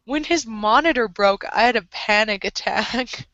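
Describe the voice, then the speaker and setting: A woman's voice: fairly high pitch, unhurried, a bit bright, no room sound. A woman chatting on a group video call, giggly and self-mocking, slipping into squealing voices, on slightly muffled call audio. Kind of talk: casual group video chat.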